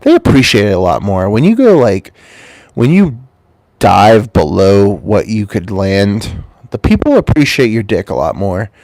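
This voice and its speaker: A man with a stuffy, congested voice rambles through a crude, profane comic monologue. His voice sits low but leaps up wildly, and he mumbles and then gets loud. The recording is dry and close, with no room sound. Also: very animated, unhurried, dry recording. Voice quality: stuffy-nosed. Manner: loose, swearing, swings between mumbles and loud jumps. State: has a cold, congested. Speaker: channel host.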